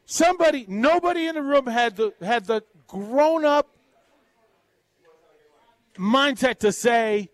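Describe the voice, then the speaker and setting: High-voiced man ranting on sports radio. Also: slow, pauses often, dry recording. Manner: animated, sarcastic, exasperated rants with vivid comparisons. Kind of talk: fired-up sports talk.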